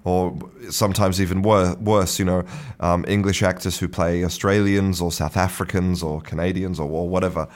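A man teaching English in a relaxed, unscripted way, often restarting his sentences and chuckling. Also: low-pitched. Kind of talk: casual talking-head lesson.

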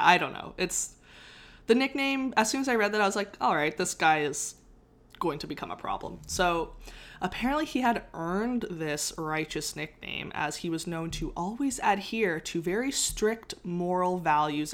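A woman's voice: on the low side, animated, measured pace. A young woman in casual conversation, telling a history story with frequent laughs and restarts. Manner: chatty, laughs often, trails off and restarts. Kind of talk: casual chat.

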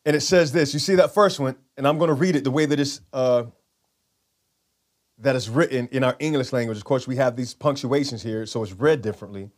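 Briskly, in a mid-range voice, a man delivers a conversational sermon. Repetition runs through his preaching, and he gets the congregation to echo lines back in call-and-response.

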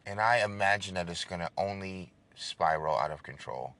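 A man hosts his own show and rants about sports with real passion. His voice sits low, yet it comes across bright and forceful. He swings between loud bursts and quiet, hushed asides. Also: normal speed, gravelly. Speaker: show host. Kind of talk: ranting sports monologue.

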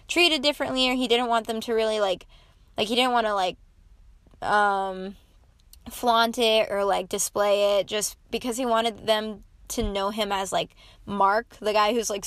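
A woman's voice: fairly high pitch, no echo. A young woman telling a story in a casual devotional talk, rambling with many fillers. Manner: rambling, many likes and ums.

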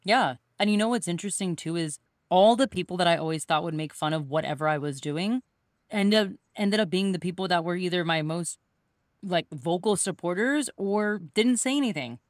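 A woman's voice: lowish voice, normal speed, no room sound, clean studio sound. A young woman, a podcast host and coach, chatting casually and telling stories, acting out other people's voices as she goes. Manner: animated storytelling, acts out quoted voices. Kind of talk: casual conversational podcast chat.

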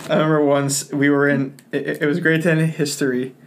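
A man's voice: a little high, flat delivery, normal speed, a little hiss or hum. A young man co-hosting a podcast, telling school stories in a rambling way, full of fillers, swearing and laughter. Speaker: podcast co-host. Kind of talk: casual chat.

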